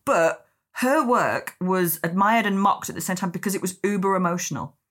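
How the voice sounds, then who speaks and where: A woman hosting a podcast, talking in a chatty, lively way with lots of "like". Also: medium pitch, normal speed. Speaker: podcast host. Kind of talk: podcast conversation.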